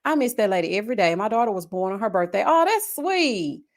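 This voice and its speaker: A woman, a reality-show reviewer chatting casually with her live viewers, expressive and full of slang, calling them girl and honey. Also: medium pitch, racing.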